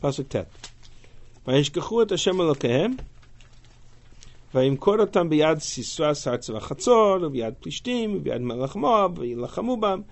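Male teacher with a gravelly voice, animated, reading out verses and explaining them. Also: on the high side, moderate pace. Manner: animated, reads Hebrew verses then paraphrases them. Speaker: Torah teacher. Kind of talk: text-study class.

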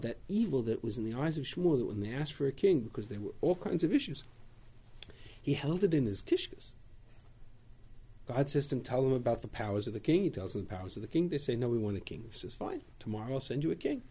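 A man teaching a Bible class, retelling the story with animated storytelling and acting out the quotes. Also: medium pitch, brisk, husky. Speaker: Torah teacher.

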